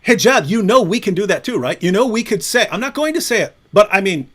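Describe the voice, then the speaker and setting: A man's voice: high voice, big pitch swings, quick pace, a bit bright. A man hosting a livestream, taunting and mocking with frequent laughs. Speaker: livestream host. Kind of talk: provocative livestream chat.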